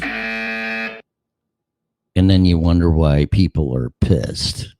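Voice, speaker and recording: A man's voice: low voice, animated, extremely slow, pauses often, a little mellow, no echo. A man hosting a show, delivering a sarcastic, profane ranting monologue full of mocking asides. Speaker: show host.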